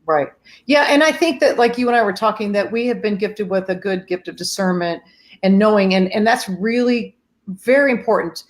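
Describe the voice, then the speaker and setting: Woman, middle-aged, host, earnest, casual live-stream chat, middle pitch. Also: moderate pace. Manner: earnest, speaks directly to viewers.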